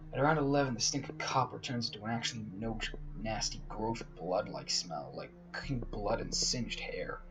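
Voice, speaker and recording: Man reading a horror story in hushed tones. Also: on the low side, low-quality recording. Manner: casual and profane, often dropping to a hushed whisper. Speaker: narrator.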